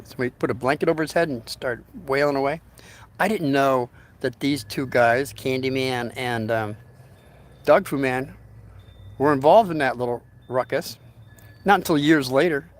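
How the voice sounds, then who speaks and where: A man's voice: medium pitch, moderate pace. A man telling a long anecdote in a casual, rambling way, with many restarts and fillers. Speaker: storyteller.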